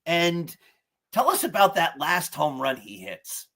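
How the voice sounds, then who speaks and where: Bright, lively middle-aged male host. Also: on the high side, unhurried. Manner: animated, laughs while telling stories. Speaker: podcast host. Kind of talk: casual interview chat.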